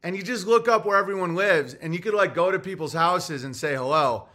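Brief: male comedian host, fairly high, bright and sharp, loose profane monologue. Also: fairly quick. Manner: rambling, provocative, profane. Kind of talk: casual livestream monologue.

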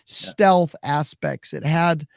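A man's voice: a little high, slow, gravelly, no room sound, studio quality. A man co-hosting a podcast, chatting animatedly and acting out quotes. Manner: animated, quotes others in funny voices. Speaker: podcast co-host. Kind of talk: casual chat.

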